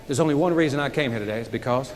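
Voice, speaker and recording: In a reverberant large conference hall, a man delivers an energetic motivational sales keynote, joking and questioning the crowd as the audience laughs and murmurs. His voice is medium-pitched and very fast, with slight background noise.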